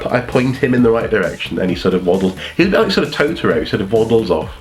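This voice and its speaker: A man's voice: lowish voice, sing-song, fast talker, hardly any pauses, faint music behind. A man with a cold telling meandering, casual stories from his childhood, often breaking off to correct himself. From North Wales. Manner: meandering, self-correcting, chatty. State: has a cold. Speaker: vlogger. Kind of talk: casual storytelling.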